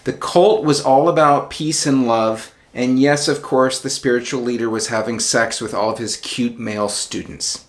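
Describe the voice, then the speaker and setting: A man's voice: medium pitch, fairly even intonation, normal speed, few pauses. Middle-aged man, wry storyteller, conversational, self-mocking asides, mid-range voice. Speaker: video essayist. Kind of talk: personal storytelling monologue.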